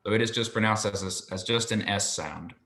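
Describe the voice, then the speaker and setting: A patient male teacher walks his student through a language lesson, explaining slowly and repeating sounds. His voice sits low but bright, and it rings in an echoey room. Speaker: Hebrew teacher.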